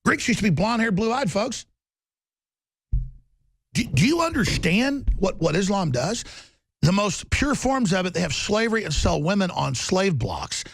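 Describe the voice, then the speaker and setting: A male talk show host delivering a loud, rambling monologue with a gravelly voice, bursting into shouting. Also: high voice, sing-song, a little slow, no room sound. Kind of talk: ranting monologue.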